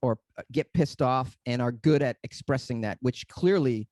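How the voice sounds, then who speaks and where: A man's voice: medium pitch, moderate pace, darkish tone, dry recording. A man, a comedian guest on a podcast, telling rambling stories that he corrects as he goes. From Boston area. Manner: rambling, self-correcting storyteller. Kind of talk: casual podcast chat.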